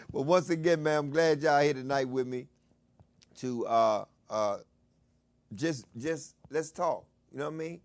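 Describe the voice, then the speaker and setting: A man from Washington DC hosting his own talk show, shouting hype calls at times but mostly chatting in a relaxed, low-key way. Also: takes it slowly, pauses often. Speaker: host. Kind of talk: casual talk show monologue.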